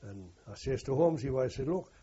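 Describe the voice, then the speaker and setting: A man's voice: medium pitch, lively intonation, a little fast, warm tone, highs cut off. An older man, recalling his wartime experience in a rambling, earthy way and correcting himself as he goes. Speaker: war veteran interviewee. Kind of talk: oral history recollection.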